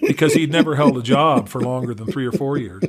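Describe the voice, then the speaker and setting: A man's voice: mid-range voice, brisk. A middle-aged man talking casually as an interview guest, chatty and self-deprecating, often laughing while telling stories. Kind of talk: casual conversational storytelling.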